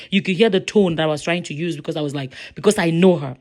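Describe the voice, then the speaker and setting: Young Nigerian woman, lower voice, casual emphatic voice-over, Nigerian accent. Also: quick pace, hardly any pauses. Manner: emphatic, conversational. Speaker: vlogger.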